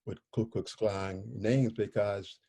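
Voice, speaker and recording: Interview guest, male, mellow tone, halting and searching for words as he tells his story. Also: fairly low pitch, fairly even intonation.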